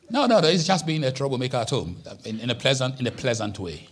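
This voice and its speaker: A man from Ghana preaching a sermon as pastor, dropping into quiet asides and then climbing to high, emphatic peaks. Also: animated, fast talker, hardly any pauses, slight background noise. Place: church.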